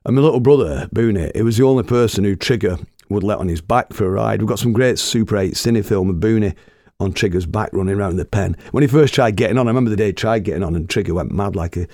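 An older man with a thick Oldham accent tells comic family stories in a low, rough voice with plenty of gravel. His delivery is wry and earthy, and he slips into the voices of his characters. The sound is close and dry. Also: quick pace, a little mellow, no echo. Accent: Oldham, Northern English. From Oldham, England. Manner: acts out quoted people in voices. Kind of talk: humorous storytelling.

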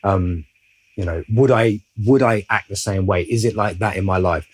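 Low husky man, thoughtful and reflective. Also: normal speed, low-quality recording. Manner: thoughtful, reflective, searching for words. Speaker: actor, interviewer. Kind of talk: casual interview conversation.

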